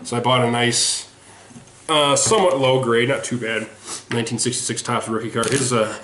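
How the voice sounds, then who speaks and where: A man casually chatting about his collection on a home video, rambling with lots of ums and restarts, sweaty and a bit hoarse in the throat. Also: medium pitch, steady tone, normal speed. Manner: rambling and self-deprecating, with frequent ums and restarts. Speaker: sports autograph collector showing his mail returns. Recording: echoey room with faint noise.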